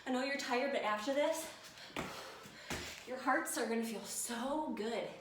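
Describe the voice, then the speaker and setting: In a noisy, echoey room and heard from a distance, a woman leads a workout in a high, unhurried voice. She is out of breath, panting as she counts down and cheers viewers on.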